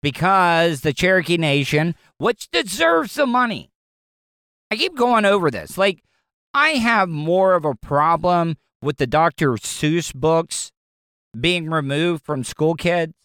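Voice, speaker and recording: Southern talk radio host, male, somewhat high smooth voice, blunt and rambling, dry studio sound. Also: expressive, slow pace, fairly bright tone, no echo. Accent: Southern American. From American South. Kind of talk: opinionated talk radio monologue.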